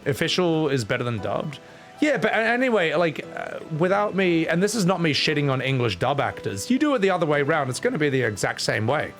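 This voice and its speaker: Game streamer, blunt opinionated rant, game music playing behind. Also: male voice, a little high, very animated, fairly quick, a bit bright. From Australia. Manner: blunt opinionated ranting with swearing. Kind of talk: casual gaming commentary.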